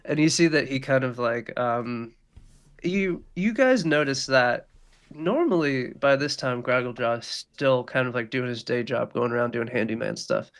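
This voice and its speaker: A man's voice: mid-range voice, normal speed. Man narrating as game master. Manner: loose, filler-heavy description with lots of "like".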